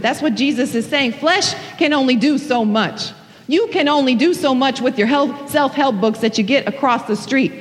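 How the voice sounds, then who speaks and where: A woman's voice: sits high, moderate pace. A woman pastor preaching an impassioned sermon in a church, often repeating her phrases and breaking into exclamations. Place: church sanctuary. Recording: hall reverb.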